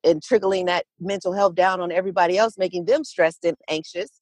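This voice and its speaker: Woman podcast host, super enthusiastic, breathy voice, very dry recording. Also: fairly low pitch, fairly even intonation, a little mellow, no room sound. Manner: enthusiastic, many quick agreements. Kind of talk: casual podcast interview.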